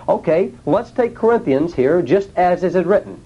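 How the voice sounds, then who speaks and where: A man's voice: sits high, very animated, moderate pace, dark tone, breathy edge, lo-fi sound. A man teaching a sermon in a plain, folksy way, asking his listeners rhetorical questions. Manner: nonstandard grammar, folksy speech. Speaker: preacher.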